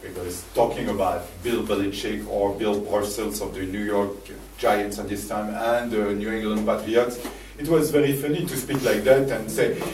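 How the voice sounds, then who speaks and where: A man with a French accent giving a live talk to an audience in a library room, telling stories with halting restarts and fillers. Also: lowish voice, steady tone, darkish tone, a little hiss or hum. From France. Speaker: speaker giving a presentation. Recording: roomy distant live recording.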